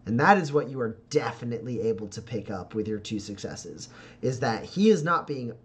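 A man narrating as game master of a tabletop game, relaxed and descriptive with filler pauses. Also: medium pitch.

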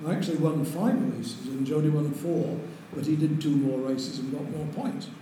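An older man, telling lively anecdotes as an interview guest and chuckling through them. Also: fairly high pitch, normal speed. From Lancashire, England. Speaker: interview guest, racing driver. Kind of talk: anecdotal storytelling. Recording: very echoey room with faint noise.

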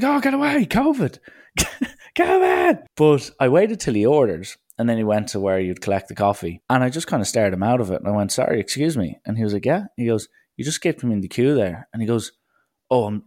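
Young Irish man, low voice, animated storyteller who jumps into other people's lines. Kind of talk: casual anecdote monologue.

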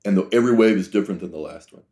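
A man with a fairly low voice hosts a conversational podcast. He talks in a reflective, thoughtful way and builds his points through long metaphors. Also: rapid-fire, mellow. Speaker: podcast host. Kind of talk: conversational interview.

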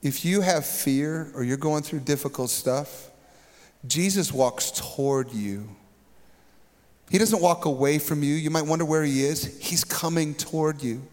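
A man preaching from a church stage, his voice set a little high for a man. He tells the story with drama and builds to emphatic peaks. The sound carries a long hall reverb. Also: unhurried, a little mellow. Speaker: pastor. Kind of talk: sermon.

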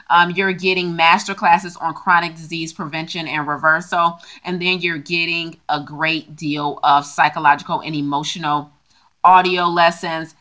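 A woman co-hosts a casual podcast, speaking as a health coach with a slightly low-pitched voice. She talks in long, lively runs and leans hard on her emphatic points. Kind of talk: casual chat and show promotion.

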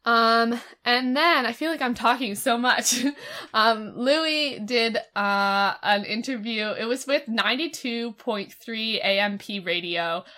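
Bright-voiced young woman chatting. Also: fairly high pitch, takes it slowly. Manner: chatty, lots of fillers and laughs. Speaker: podcast co-host. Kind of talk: casual chat.

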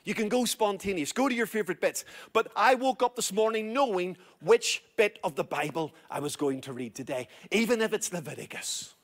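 High-voiced man preaching urgently. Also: lively intonation, fairly quick, hardly any pauses. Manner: urgent exhorting preacher, repeats key phrases. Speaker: pastor. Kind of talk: sermon.

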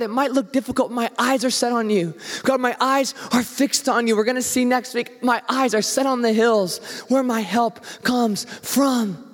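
A man's voice: extremely high pitch, big-room sound. A man who is a youth pastor, preaching a conversational sermon and acting out the prayers and voices he quotes.

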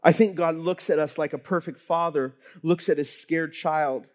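High-voiced, animated male preacher. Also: moderate pace. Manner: animated storytelling, acts out quoted voices. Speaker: pastor. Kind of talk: sermon.

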